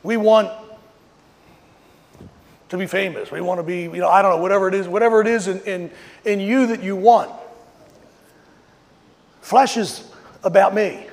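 High-voiced preacher with long reverb. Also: male voice, fairly even intonation, moderate pace, pauses often, a little mellow. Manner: storytelling, rising to emphatic when acting out quotes. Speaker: pastor. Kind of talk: sermon. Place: outdoors on a street.

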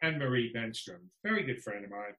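A man's voice: medium pitch, big pitch swings, brisk, sharp tone. Wry, laughing man in an echoey room. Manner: laughs often, wry and frank. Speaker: podcast guest. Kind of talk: casual conversation.

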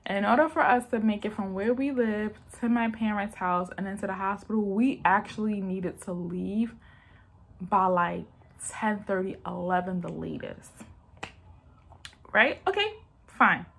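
A woman's voice: medium pitch, measured pace, vocal fry. A young woman, chatting to viewers in a storytime vlog and acting out the quotes. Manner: chatty, addresses viewers as y'all, acts out quotes. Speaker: vlogger telling a story. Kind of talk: casual storytime chat.

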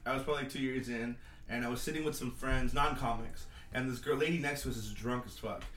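A man who is a stand-up comic, chatting casually on a podcast, swearing freely and telling animated stories. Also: mid-range voice, fast, reverberant, slight background noise. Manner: profane, animated storytelling, laughs often.

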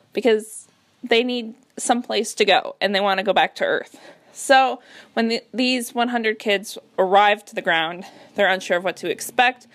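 An eager young woman talks through her writing podcast in a loose, filler-heavy solo chat. Her nose sounds slightly stuffed up, and her voice sits at an ordinary middle pitch. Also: a bit bright, no room sound. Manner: chatty, enthusiastic, lots of fillers. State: slightly congested.

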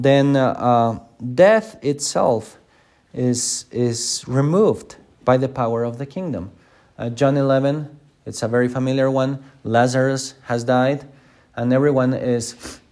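A male pastor teaching a Sunday school class, animated and acting out quoted lines. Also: medium pitch. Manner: frequent fillers and restarts.

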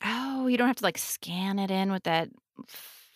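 A woman's voice: medium pitch, moderate pace, dry recording, studio quality. A woman chatting casually as a podcast guest, rambling and restarting her sentences. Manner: rambling, self-interrupting, laughs often. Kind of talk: casual chat.

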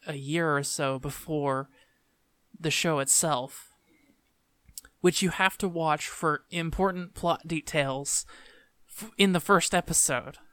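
A man's voice: on the high side, pushed and bright, clean tone, no echo, studio quality. A man co-hosting a podcast, casually complaining with exasperation. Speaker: podcast co-host. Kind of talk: casual chat.

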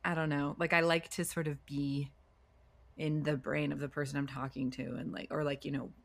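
A young adult woman, an impressionist, talking casually in an interview with lots of fillers and quick jumps into quoted voices. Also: deep voice. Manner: chatty, many "like" fillers, lively swings into quoted voices. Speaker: impressionist and video creator.

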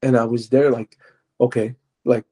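A young man telling his personal testimony as a podcast guest, halting and restarting as he searches for words. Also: mid-range voice, level tone, mellow, slightly rough.

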